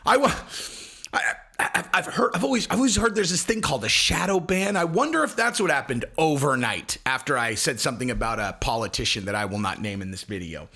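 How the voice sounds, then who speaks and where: Pushed and bright in tone, a medium-pitched male voice moves fairly quickly and animatedly through a casual rant to camera. The online commentator is crude and rambling, often stopping himself mid-sentence.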